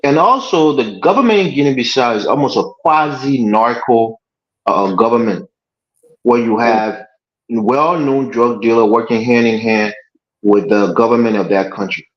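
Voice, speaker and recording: Man arguing in an echoey room. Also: medium pitch. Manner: measured, argumentative. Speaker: panel host. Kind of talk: political panel discussion. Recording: echoey room, dull lo-fi audio.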